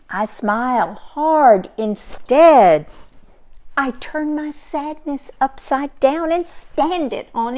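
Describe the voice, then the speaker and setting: A woman reading the part of a kindly male court jester in a storybook, speaking gently and sometimes in a hush. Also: fairly high pitch. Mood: hushed gentle. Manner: gentle, sometimes hushed and whispering.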